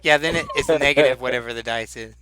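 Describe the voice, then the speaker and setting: A man running a tabletop game as game master, narrating haltingly with many restarts. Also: medium pitch, a crowd in the background, low-quality recording.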